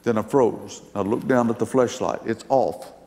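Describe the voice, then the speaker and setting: Older man with a gravelly voice, testifying in a hall. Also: mid-range voice, moderate pace, dark tone. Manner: folksy, rambling storyteller. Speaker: speaker giving a testimony. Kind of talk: storytelling testimony to an audience.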